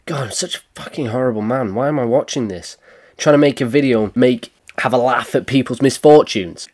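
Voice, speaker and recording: A man's voice: medium pitch, fairly quick, a little mellow. A man hosting a reaction video, mocking and sweary, rating clips with sarcastic, self-deprecating commentary.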